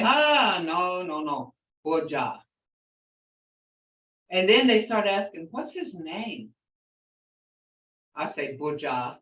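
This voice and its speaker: An older woman teaches a language class at a very slow pace, saying each word twice so her students catch the sounds. She speaks in a plain, outspoken way. She sits back from the mic, and the dull, roomy recording has a muffled, echoing quality. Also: on the low side, a bit bright, distant mic. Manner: slowly repeats words to model pronunciation.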